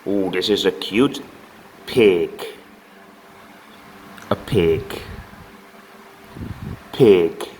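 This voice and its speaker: Male teacher, lowish voice, very slow and lively, models each word twice for children. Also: a little hiss or hum. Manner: slow, drawn-out word modelling with repeated words. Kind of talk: children's vocabulary lesson.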